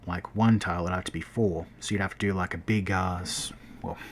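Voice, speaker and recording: Fairly quick and steady in tone, this man's low voice has slight background noise behind it. While streaming game development, he chats casually, wanders off on tangents and keeps correcting himself mid-sentence in a relaxed tutorial style.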